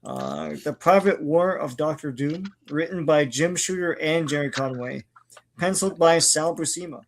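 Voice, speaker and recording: A man's voice: on the high side, moderate pace, gravelly, slight background noise. Man reading comic credits on a podcast. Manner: reads credits steadily, brief agreeing replies. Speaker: podcast co-host. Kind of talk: casual comic book discussion.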